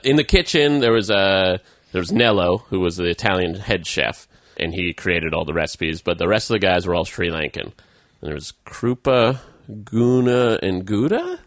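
A man tells a self-deprecating story on a podcast, rambling through fillers and chuckles. His pitch swings a lot. The sound is dry and close. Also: expressive, moderate pace, no room sound. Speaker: podcast co-host. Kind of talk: casual storytelling.

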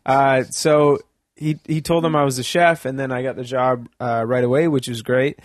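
A man's voice: medium pitch, fairly even intonation, normal speed, dry recording, clean studio sound. A man from Canada, a podcast guest, telling a rambling, jokey story in casual chat. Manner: rambling, jokey, drifts into mock accents.

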